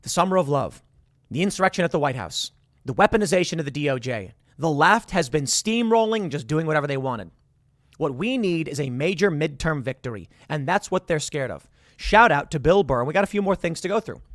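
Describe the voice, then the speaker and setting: A male host delivering political commentary, arguing and sarcastic. His voice rises and falls widely and sits a bit higher than most men's. The sound is dry and close. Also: brisk, dry recording. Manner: animated, argumentative and sarcastic.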